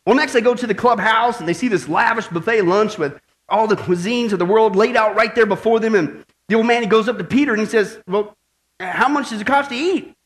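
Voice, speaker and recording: A male pastor giving a lively, joking sermon with emphatic delivery. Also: high-pitched, quick pace.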